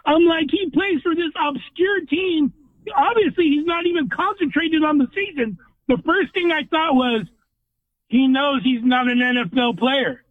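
A man's voice: extremely high pitch, a little slow, no room sound. A man calling in to a sports radio show, ranting bluntly with strong opinions. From California. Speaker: caller. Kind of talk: call-in radio talk. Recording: dry tinny phone line.

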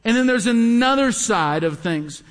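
High-voiced pastor preaching in a hall. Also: male voice, animated, measured pace. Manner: emphatic preaching with repetition and rhetorical questions. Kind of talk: sermon. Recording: live sermon with long hall reverb.

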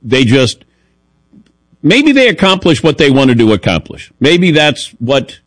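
A man's voice: mid-range voice, sing-song, measured pace, no echo, clean studio sound. A man hosting a sports talk show, telling stories in a chatty, self-deprecating way. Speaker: radio show host.

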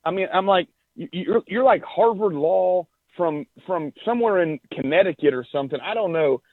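A man's voice: high-pitched, lively intonation, moderate pace, dry recording. A man calling in as a regular guest on political talk radio, blunt and exasperated. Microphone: phone line. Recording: tinny phone line.

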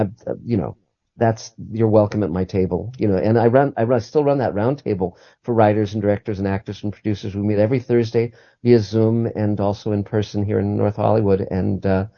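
A man's voice: lowish voice, warm tone, no echo, dull audio. A man guest on a call-in radio show, talking earnestly and often repeating and restarting his words.

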